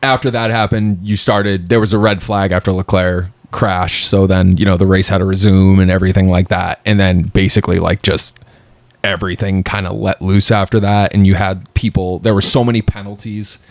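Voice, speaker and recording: A man with a low voice and flat delivery co-hosts a podcast from his home basement, speaking at a moderate pace with no room sound. He chats casually, rambling through stories packed with fillers.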